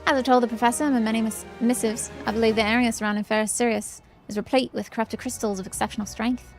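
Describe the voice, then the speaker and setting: A self-important young scholar who rambles on in prim, formal speech, as a woman reads her out from a fantasy game. Her voice sits fairly high, with faint music in the background. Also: steady tone, fast, lightly acted. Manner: long-winded, prim and formal.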